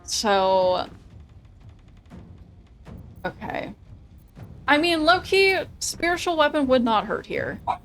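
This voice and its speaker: A young woman streaming a video game, thinking out loud about tactics, laughing often and swearing casually. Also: high voice, big pitch swings, slow pace, pauses often, soft background music. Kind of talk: casual gameplay commentary.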